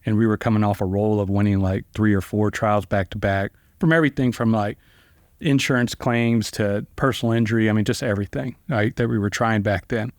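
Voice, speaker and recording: A middle-aged man, a trial attorney guest, telling stories in a loose, conversational way and acting out the dialogue with big pitch jumps. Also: fairly quick, no echo, studio quality. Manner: lively storyteller who acts out quoted dialogue with sharp pitch jumps; loose, conversational phrasing with fillers like "like" and "you know". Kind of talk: casual anecdotal storytelling.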